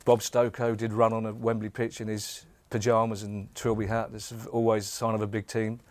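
A man's voice: fairly low pitch, completely flat delivery, fairly quick, a little mellow, no echo. A middle-aged man with a South London accent, a comedian making a dry, mock-boastful case on a panel show. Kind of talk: comic argument on a panel show.

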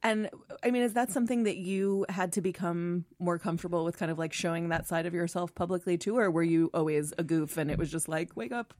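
A woman's voice: fairly low pitch, fairly even intonation, a little fast, darkish tone, no echo, clean studio sound. A woman hosting a podcast, asking questions in a friendly, giggly way with lots of fillers. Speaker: podcast host. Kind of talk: casual interview chat.

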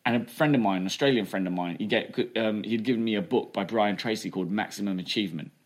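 A man, telling a candid story in an interview, talking fast and chatty, with many fillers like "right?" and "you know". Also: on the low side. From England. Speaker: comedian guest.

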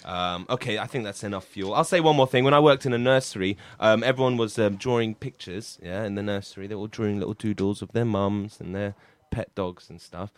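A man's voice: fairly low pitch, a little fast, smooth. A man co-hosting a comedy podcast, telling stories in casual chat with swearing and laughter. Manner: animated storyteller, swearing, laughing.

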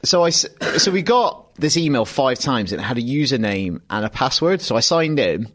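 A man's voice: medium pitch, very animated, normal speed, fairly bright tone. A man co-hosting a podcast in casual chat, wry and chatty as he reads out listener emails. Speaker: podcast co-host.

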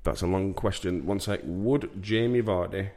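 A man's voice: low-pitched, normal speed, darkish tone. A man with a Yorkshire accent hosting a podcast, telling rambling jokey stories in casual chat. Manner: jokey, rambling storyteller with frequent laughs. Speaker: podcast host.

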